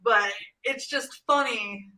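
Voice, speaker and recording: A soft-spoken woman co-hosting a live stream, chatting casually and using many fillers. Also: fairly high pitch, slow pace, over a noisy crowd, poor audio. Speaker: co-host.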